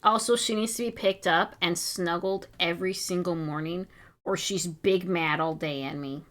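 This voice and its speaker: A woman's voice: lowish voice, normal speed, a bit bright. A woman streaming as an artist, chatting casually while she draws, giggly, chatty and self-mocking. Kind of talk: casual chat while drawing.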